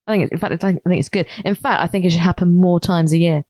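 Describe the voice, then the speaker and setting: A woman co-hosting a comedy podcast, chatting in a wry, mock-earnest way with halting restarts. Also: lowish voice, fairly even intonation, warm tone, dry recording. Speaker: podcast co-host. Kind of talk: casual comedic chat.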